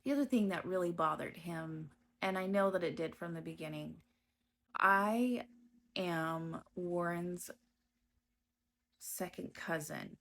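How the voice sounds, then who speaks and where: A woman giving a personal testimony about her past, speaking slowly and hesitantly with frequent pauses and restarts. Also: fairly low pitch, a bit bright, a little hiss or hum. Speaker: storyteller recounting her past.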